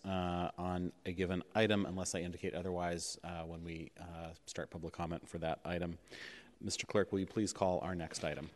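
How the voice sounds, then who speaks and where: A man chairing a public board meeting in a city hall chamber, running procedure with frequent ums and uhs. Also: low-pitched. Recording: echoey chamber with long reverb.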